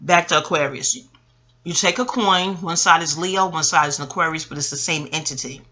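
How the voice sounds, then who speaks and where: A woman in her forties, an astrologer talking in a casual, rambling monologue, animated and profane with laughing asides. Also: low voice, a little fast. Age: 40s.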